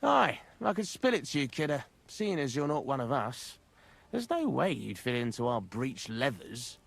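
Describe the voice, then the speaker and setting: A slangy, chummy game miner. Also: male voice, mid-range voice, sing-song, normal speed, gravelly. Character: rough, cheerful male miner on the road.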